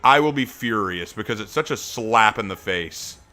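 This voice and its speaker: A man's voice: lowish voice, expressive, moderate pace, pushed and bright. A man streaming a game and ranting about it, exasperated and sarcastic, hammering the same points with rising heat. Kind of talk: live-stream rant.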